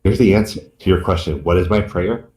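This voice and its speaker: Being interviewed as a guest author, a man with a deep, darkish voice speaks a little fast, earnestly and gratefully. He repeats his words and tears up during the emotional talk, recorded in an echoey room.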